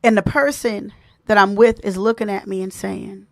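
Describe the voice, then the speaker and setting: A woman hosting a live stream, giving animated, preachy advice and repeating key points for emphasis, speaking. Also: mid-range voice, normal speed, vocal fry, no room sound, clean studio sound. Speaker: host.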